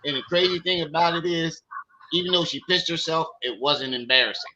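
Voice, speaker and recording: A man's voice: fairly high pitch, a little fast, pushed and bright, dull audio. A man hosting a casual stream, retelling a friend's story in a mocking, incredulous way. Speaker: stream host. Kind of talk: casual commentary.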